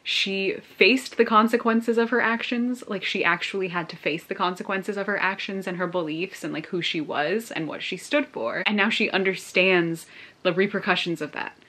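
A woman's voice: medium pitch, moderate pace, bright, forceful tone, husky. A young woman vlogging her reactions to a book, gushing and emotional and laughing often. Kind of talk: casual reading reaction vlog.

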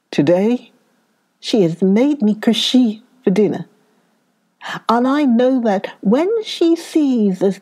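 A hungry old woodman from a children's storybook speaks earnestly and slowly, with a warm, mellow tone and a lively rise and fall, as a woman reading aloud plays him. He sounds worn out but stubborn. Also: mid-range voice. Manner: earnest and pleading.

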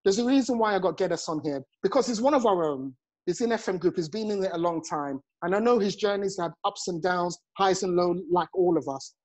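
A man's voice: high-pitched, brisk, hardly any pauses, a little mellow, poor audio. A man in his forties hosting a motivational live chat over a phone, effusive and chuckling often. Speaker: host and network marketing coach.

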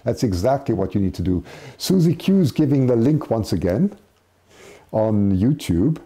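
A man hosting a live show in a chatty, self-deprecating way. His pitch moves around a lot, and his tone is very dark and mellow. He sits at a middle pitch and laughs easily between remarks. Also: big pitch swings, normal speed. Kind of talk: live-stream chat announcing poll results.

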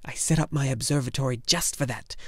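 A man's voice: mid-range voice, fairly quick, dry recording, lightly acted. A man voicing a self-important little old male gnome who fancies himself a great scholar. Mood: pompous.

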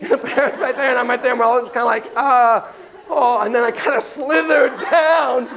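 A man's voice: very high-pitched, fairly even intonation, quick pace, gravelly, a crowd in the background. A man teaching a class on child psychotherapy, emphatic and playful, with frequent asides. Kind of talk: classroom lecture.

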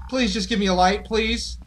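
A man plays a horror game for his channel, offering let's play commentary in panicky, jittery bursts aimed at his viewers. His voice is extremely high-pitched and a bit bright, with slight background noise.

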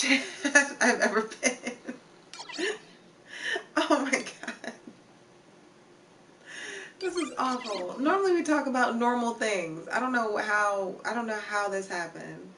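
Laughing woman streamer, drawl, distant mic. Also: medium pitch. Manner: laughing, teasing, repeats herself. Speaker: live streamer. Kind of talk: casual chat with live chat. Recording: distant mic with clear background noise.

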